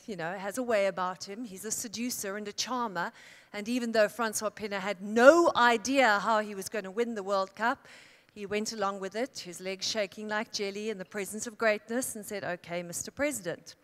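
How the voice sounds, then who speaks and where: A woman born in Italy giving a keynote speech as a dramatic storyteller, building her tale with emphatic pauses and swells. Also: a little high, fairly bright tone. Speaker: keynote speaker. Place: large conference hall. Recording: long hall reverb.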